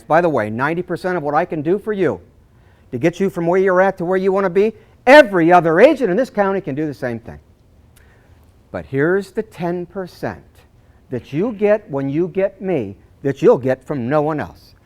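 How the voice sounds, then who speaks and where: A man teaching a room of real estate agents, his voice rising and falling in a lively, sing-song way. He sits a little above the usual male pitch and often clears his throat between points. He slips into quick acted-out exchanges with clients. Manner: animated, acts out client dialogues, frequent throat clearing. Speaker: real estate sales trainer. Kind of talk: live seminar talk to agents.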